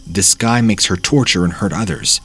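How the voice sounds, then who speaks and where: As host of a channel, a man narrates first-person horror stories, reading them plainly and steadily. His voice is low and husky, at a normal speed.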